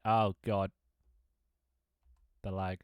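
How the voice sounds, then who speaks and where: A man's voice: low-pitched, level tone, drawn-out words, clean tone, no room sound, dull audio. A man in his twenties chatting casually on a live stream, rambling, laughing often and joking about himself with casual swearing. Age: 20s. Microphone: desk microphone.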